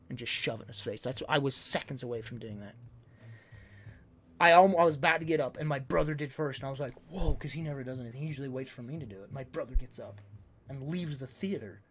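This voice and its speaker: A man streaming live, casually telling stories to his chat and acting out what people said. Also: mid-range voice. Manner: animated, acts out quotes loudly. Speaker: livestreamer.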